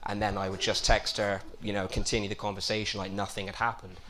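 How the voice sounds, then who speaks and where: A man with a Bristol accent doing a stand-up comedy set, with a deadpan, self-mocking delivery and quick asides. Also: fairly low pitch. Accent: Bristol English. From Bristol, England. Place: comedy club stage.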